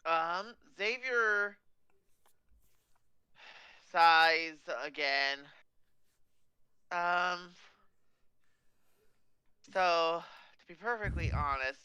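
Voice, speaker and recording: Slow, bright-voiced game master. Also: medium pitch, clear, resonant tone, no room sound, rough recording. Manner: hesitant, sighing. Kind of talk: narrating a tabletop game.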